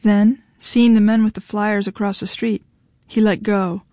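A woman reading a novel aloud in measured storytelling narration. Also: mid-range voice, flat delivery, dark tone, no echo, studio quality. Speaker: audiobook narrator. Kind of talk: scripted narration.

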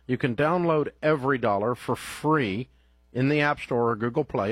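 A man hosting a call-in radio show, pitching emphatically and confidently. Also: husky, dry recording. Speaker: radio host. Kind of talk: radio talk show and host-read ad.

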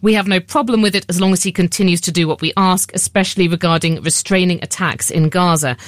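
A woman reporting as a Middle East news correspondent, speaking in a measured, analytical way with occasional fillers. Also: on the low side, dry recording, clean studio sound.

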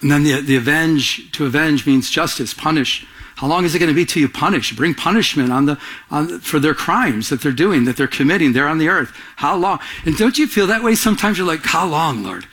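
A man's voice: fairly high pitch, a little fast, a bit bright. A man preaching a conversational Bible-study sermon, earnest and urgent, with frequent restarts. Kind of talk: sermon teaching.

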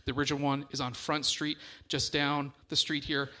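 A man's voice: a little high, monotone, moderate pace, bright, forceful tone. A man doing stand-up comedy, talking casually with the crowd. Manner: chatty crowd work. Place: comedy club stage with audience.

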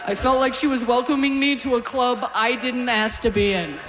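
A middle-aged stand-up comedian speaks at a moderate pace in a highish voice with a steady tone. She tells family stories and acts out relatives in quotes, drawing laughs from the audience.

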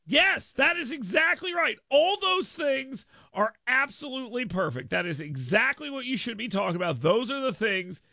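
High gravelly-voiced talk radio host. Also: male voice, expressive, normal speed, few pauses, bright, forceful tone, dry recording, studio quality. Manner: emphatic, repetitive, riffing with listeners. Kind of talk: casual talk radio monologue.

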